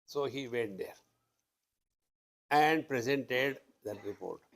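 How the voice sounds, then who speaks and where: A man's voice: medium pitch, takes it slowly. A man gives a spiritual discourse to an audience. He tells stories in a blunt, emphatic way and keeps calling his listeners friends. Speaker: spiritual teacher.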